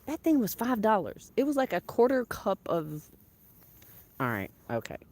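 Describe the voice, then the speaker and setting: Chatty farm woman, animated. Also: mid-range voice, normal speed. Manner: chatty and animated, talks to her viewers. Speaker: farm vlogger. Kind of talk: casual live-stream chat. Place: outdoors on a small farm.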